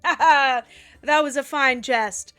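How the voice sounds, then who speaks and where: A woman's voice: high-pitched, very slow, pushed and bright, smooth, faint music behind, full character voice. A woman doing a hearty big gambling man. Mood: jovial.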